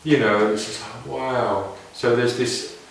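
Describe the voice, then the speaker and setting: A man's voice: medium pitch, fairly even intonation, slow, slight background noise. A man telling casual, meandering anecdotes in a reflective way. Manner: meandering, reflective, with many restarts. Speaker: didgeridoo player sharing stories. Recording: very echoey room, mic far off.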